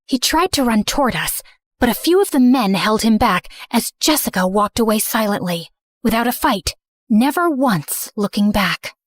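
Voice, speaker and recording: A woman's voice: fairly high pitch, animated, normal speed, dry recording, studio quality. A woman narrating a dramatic first-person story in an earnest storytelling manner.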